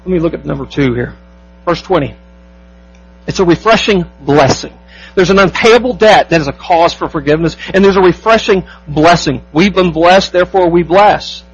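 Male pastor preaching, high-pitched and husky, emphatic, drawing out key words. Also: normal speed, lo-fi sound. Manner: emphatic preaching with rhetorical questions to the congregation. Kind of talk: sermon.

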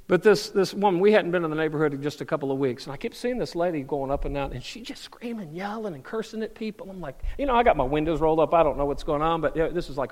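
A pastor preaching a sermon in a church hall, telling stories, repeating words and asking the crowd questions. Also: male voice, a little high. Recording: long hall reverb.

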